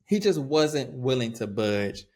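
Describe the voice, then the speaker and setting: A man co-hosting a podcast, playful and teasing, with animated reactions. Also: medium pitch, measured pace. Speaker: podcast co-host. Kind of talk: casual podcast chat.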